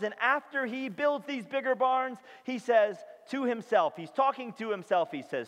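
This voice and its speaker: A man's voice: very high-pitched, animated, normal speed, hardly any pauses, fairly bright tone. A man preaching a sermon to his congregation in a church, speaking emphatically and often checking in with them. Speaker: pastor. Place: church sanctuary. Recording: long reverb of a large hall.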